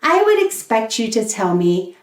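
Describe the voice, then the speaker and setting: A woman's voice: a little high, big pitch swings. A woman teaching an English lesson, patiently enunciating phrases for learners to repeat. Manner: patient, drawn-out enunciation, modeling phrases for repetition. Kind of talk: slow, clear instructional video lesson. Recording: echoey room.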